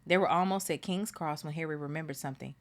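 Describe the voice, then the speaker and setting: A woman hosting a book club podcast, reading a novel aloud with animated, swearing asides. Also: low-pitched, fast talker. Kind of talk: casual read-aloud with commentary.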